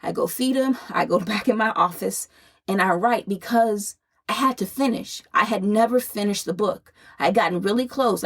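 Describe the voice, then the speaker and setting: A woman's voice: medium pitch, gravelly. A woman in her thirties, a podcast host, telling her own story in a candid, conversational way while out of breath. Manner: candid, conversational, laughing now and then. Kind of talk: personal storytelling.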